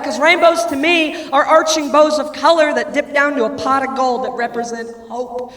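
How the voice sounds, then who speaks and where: A man in his thirties doing a stand-up comedy routine, loud and profane, swinging between shouting and muttering. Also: very high voice, fairly even intonation, normal speed. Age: 30s. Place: comedy club stage with audience. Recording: echoey club, crowd laughter, distant mic.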